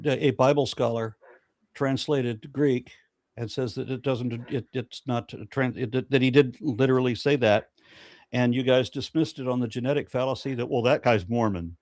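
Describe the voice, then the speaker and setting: A man's voice: mid-range voice, moderate pace, darkish tone. Exasperated guy in an online debate, blunt, swears when he's fed up. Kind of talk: live-streamed debate discussion.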